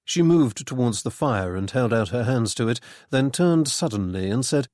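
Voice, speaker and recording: A lively male audiobook narrator reads scripted text at a moderate pace with hardly any pauses. His pitch is medium, and the clean studio recording has no room sound.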